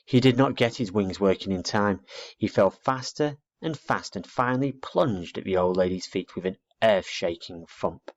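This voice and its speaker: Male storybook narrator, lowish voice, animated read-aloud, dull lo-fi audio. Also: normal speed. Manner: expressive, lively read-aloud. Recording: dull lo-fi recording.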